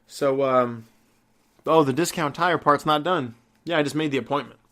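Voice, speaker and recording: A young man ranting to the camera about a pushy sales pitch, cursing freely and acting out each side. His voice sits a little higher than most men's and keeps an exasperated edge throughout. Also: moderate pace, fairly bright tone. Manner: profane, exasperated, acts out both sides of the exchange. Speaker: vlogger. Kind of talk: casual ranting storytime.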